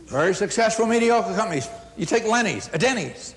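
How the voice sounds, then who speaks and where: Animated male keynote storyteller. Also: high voice, fairly quick, slight background noise. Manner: animated storyteller acting out dialogue, with big swings from loud to hushed. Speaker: motivational speaker on customer service.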